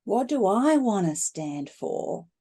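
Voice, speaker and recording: A middle-aged woman speaking as a guest in a conversational talk, animated and laughing as she acts out inner voices. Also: mid-range voice, slow, breathy edge. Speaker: guest speaker on emotional healing.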